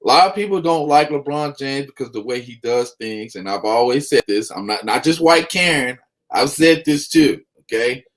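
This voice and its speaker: A man's voice: medium pitch, expressive, moderate pace. A man hosts a sports talk radio show and delivers opinions emphatically. He keeps returning to a firm "okay?" to land his points.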